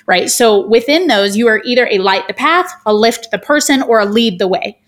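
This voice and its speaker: A woman with a somewhat high voice talks through a framework as a podcast guest. She is animated and theatrical, acting out quick voices to make her points. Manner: animated, theatrical, does voices when quoting. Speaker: guest speaker. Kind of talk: podcast interview, explaining a framework.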